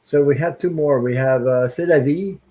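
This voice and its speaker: A man's voice: on the high side, moderate pace, dark tone, rough recording. A man hosting a tarot livestream, chatting casually and rambling with many fillers, sounding tired.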